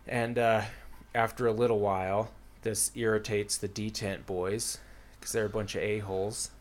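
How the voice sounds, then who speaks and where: Man, young adult, slightly low voice, casual chat, rambling story recap, filler-heavy. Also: little pitch movement, normal speed. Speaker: storyteller retelling a book plot.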